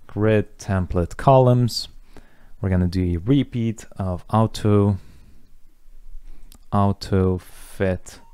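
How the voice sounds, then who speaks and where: Young man, coding tutorial, talks while typing, lowish voice, dry close sound. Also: no echo. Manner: talks through steps while typing, relaxed asides. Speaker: coding instructor. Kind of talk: casual screen-recorded coding tutorial.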